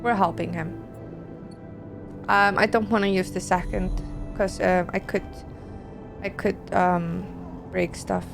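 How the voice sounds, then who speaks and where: A woman game streamer with a hoarse, tiring voice, reading game text aloud and commenting while she plays, often clearing her throat. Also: mid-range voice, fairly even intonation, slow pace, pauses often, over music. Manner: frequent throat clearing, self-correcting. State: hoarse, voice giving out.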